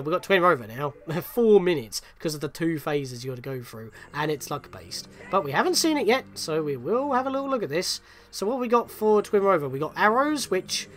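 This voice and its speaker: A man's voice: sits high, pushed and bright. A man hosting a gaming channel, giving chatty, self-deprecating let's play commentary and reacting with surprise.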